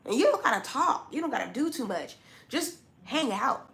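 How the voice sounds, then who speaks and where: A woman's voice: high-pitched, very animated, normal speed, a bit bright. Blunt woman giving a tarot reading. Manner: blunt, scolding, talks straight to the listener; casual slang, repeats points for emphasis. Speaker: tarot reader. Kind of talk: zodiac tarot reading to camera.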